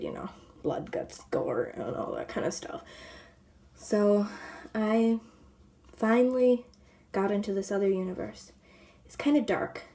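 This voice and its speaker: A woman vlogger telling a long story in a casual, rambling way, full of "like" and "you know", sometimes dropping to a whisper. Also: medium pitch. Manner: drops to a soft whisper at times.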